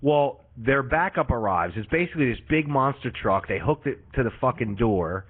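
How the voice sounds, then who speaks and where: A young man hosts a casual podcast chat and retells a movie in a profane, exasperated rant. His voice is husky and sits at a middle pitch. The audio is tinny and lo-fi, much like a phone line. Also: lively intonation, moderate pace. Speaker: podcast host.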